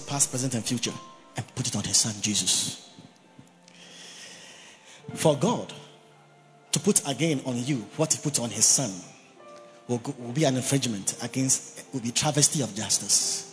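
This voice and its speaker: A male pastor delivers a sermon with emphasis, leaning on key words and repeating them for his listeners. His mid-range voice rings with a long hall reverb, while faint music plays softly underneath.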